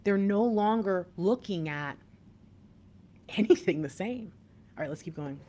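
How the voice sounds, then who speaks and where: A woman giving a tarot reading to her viewers, excitable, breaking into laughs and whispers as she talks straight to them. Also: medium pitch, a little slow, a little hiss or hum. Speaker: tarot reader.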